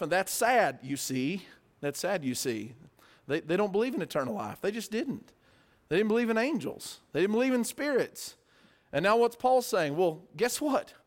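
A man preaching a verse-by-verse sermon, explaining the text in a conversational way with asides and repeated words. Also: high voice. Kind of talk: sermon, Bible study teaching.

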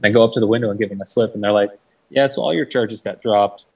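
A man's voice: lowish voice, steady tone, fast, vocal fry, a little mellow, slightly rough, far from the mic, rough recording. A young man telling a story in a casual interview. He swears freely, fills his talk with "like", and acts out the voices of the people he quotes. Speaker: guest. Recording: mic set back from the speaker.

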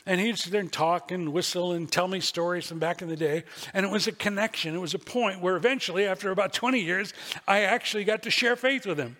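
A man's voice: high voice, fast talker, sharp tone. Man preaching in a reverberant church. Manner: folksy storytelling with asides. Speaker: pastor. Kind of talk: sermon. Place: church sanctuary. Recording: long reverb of a church hall.

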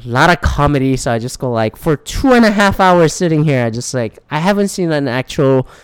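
Man, animated profane rant, smooth clear voice, dry recording. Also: a little high, a little fast, no echo. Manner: animated, swears a lot, acts out quotes. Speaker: wrestling fan recapping a live show.

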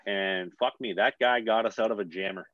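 A man's voice: on the low side, a little fast, no echo, lo-fi sound. A young man, a hockey player, telling a story in a casual podcast chat, rambling and acting out what people said. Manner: rambling, animated, acts out quotes.

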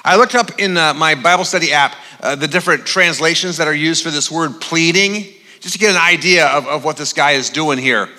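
A man's voice: fairly high pitch, fairly quick, pushed and bright. A male pastor preaching a sermon in a conversational, humorous way with frequent "uh" fillers, speaking in a large church auditorium. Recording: long reverb of a large hall.

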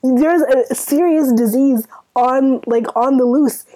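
Speaking slowly in a high, warm voice, a young woman from Sudan vents on a podcast she co-hosts. The chat is casual and exasperated, packed with rhetorical questions.

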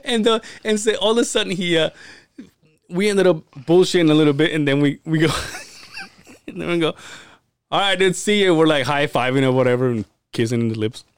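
A man co-hosting a podcast, telling stories in an animated, profane way and laughing often. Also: on the high side, fairly quick, clean tone, no room sound. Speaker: podcast co-host. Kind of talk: casual storytelling chat.

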